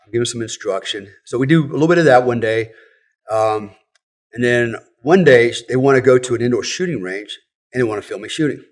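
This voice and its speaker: A man's voice: medium pitch, fairly quick. Blunt, profane man spinning stories. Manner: blunt, profane, chuckles often. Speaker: podcast guest, former special operations soldier. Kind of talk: casual storytelling in a podcast interview.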